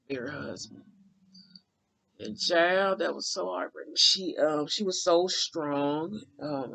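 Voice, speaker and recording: Gravelly, bright, and forceful, this fairly high male voice belongs to a spiritual channeler sharing a heartfelt, wandering story in vlog-style talk. He's folksy and colloquial, restarting frequently and drawling "child" and "honey" along the way.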